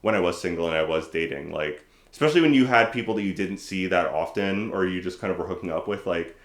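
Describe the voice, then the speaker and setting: Male podcast co-host, low voice, lively casual storyteller, room echo on the mic. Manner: animated storytelling with quick mock voices. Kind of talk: casual chat. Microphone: desk microphone. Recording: roomy echo.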